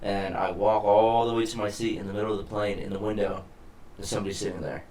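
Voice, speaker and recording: A young man telling a story in a loose, casual podcast chat, cursing freely and acting out everyone he quotes. His voice sits on the low side. A faint hiss runs under it. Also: quick pace. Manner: animated storyteller, swears freely, acts out quoted people. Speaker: podcast co-host.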